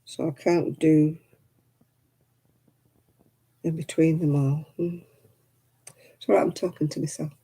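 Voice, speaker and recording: Woman crocheting at home on a stream, slow unhurried chatter, deep mellow tone, mutters counts to herself. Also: little pitch movement, breathy edge. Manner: chatty, rambling, talks to herself, counts stitches under her breath. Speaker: crafting livestream host. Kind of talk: casual chat while crocheting. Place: at home indoors.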